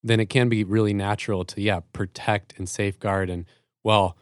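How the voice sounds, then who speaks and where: A man with a fairly low voice chats on a podcast, affirming and upbeat and quick to laugh. The sound is dry and close-miked. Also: steady tone, dry recording. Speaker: podcast co-host. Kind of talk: casual podcast chat.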